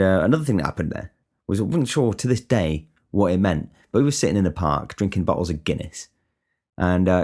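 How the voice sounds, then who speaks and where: Low-voiced man rambling. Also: darkish tone. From England. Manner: rambling, swears freely, frequent restarts. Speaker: podcast host. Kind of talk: casual storytelling monologue.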